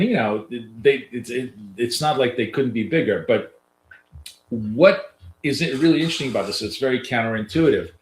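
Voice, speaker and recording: A man with a nasal voice, giving loose, chatty live trading commentary to viewers as a coach, with lots of fillers and restarts. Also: medium pitch. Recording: roomy echo.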